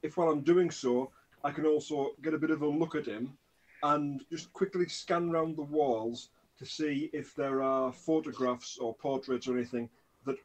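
A man's voice: on the high side, steady tone, normal speed, rough recording. A man playing a tabletop game, thinking aloud, with restarts. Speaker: player. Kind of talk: casual tabletop play.

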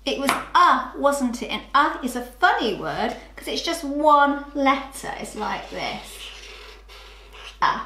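A woman teaching young children phonics, sounding out letters clearly and asking them to join in. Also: high-pitched, lively intonation, bright, forceful tone, reverberant, a little hiss or hum. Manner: slow, sing-song, clearly sounds out letters. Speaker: early years phonics teacher.

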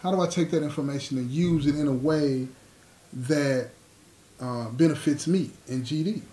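In a roomy, echoing recording, a man with a fairly high, warm voice speaks at normal speed. He relates a prison story in a casual, streetwise way, performing the characters' lines and repeatedly asking "you know what I'm saying."

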